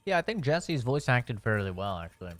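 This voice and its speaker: A man's voice: mid-range voice, sing-song, a little fast, soft background music. A young adult man casually commentating a video game, swearing freely and reading on-screen text. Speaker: streamer.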